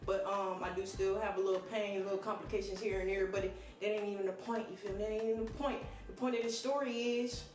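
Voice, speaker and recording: A man's voice: sits high, flat delivery, fast talker, few pauses, a little mellow. A man telling a casual storytime to camera, loose, profane and joking as he goes. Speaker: vlogger. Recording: roomy echo with faint music.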